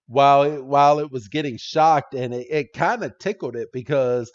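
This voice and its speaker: A man's voice: mid-range voice, moderate pace, muffled recording. A man co-hosting a podcast, recapping a cartoon episode in a rambling, casual way, with frequent swearing and laughter. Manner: rambling, swears, laughs often, quotes characters in voices. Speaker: podcast co-host.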